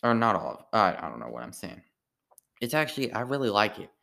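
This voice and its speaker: A tired man, an amateur comedian, rambling in a halting casual monologue full of restarts. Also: on the low side, sing-song, gravelly, fairly bright tone.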